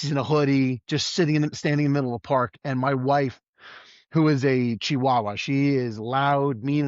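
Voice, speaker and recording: Speaking at a medium pitch, this middle-aged emergency services professional is a podcast guest spinning a story in relaxed talk. He animatedly performs the voices he quotes, captured in a dull, dry, close recording.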